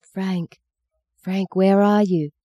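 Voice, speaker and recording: A reader voicing a frightened young girl in a family story, speaking in a higher pleading voice. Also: fairly even intonation, measured pace, dark tone, no room sound, muffled recording, natural voice.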